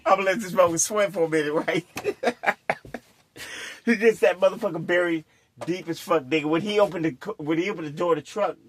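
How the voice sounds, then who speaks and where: A man's voice: sits high, quick pace. A man hosting a show, telling a raucous story full of swearing, laughing often and acting out the scenes. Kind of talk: casual anecdote telling.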